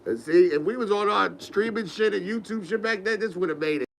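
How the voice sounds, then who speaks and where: A man's voice: sits high, fairly quick, creaky, a bit bright, slight background noise, poor audio. A young man, hosting a podcast and telling rambling, laid-back stories with laughs. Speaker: podcast host. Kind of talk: casual storytelling.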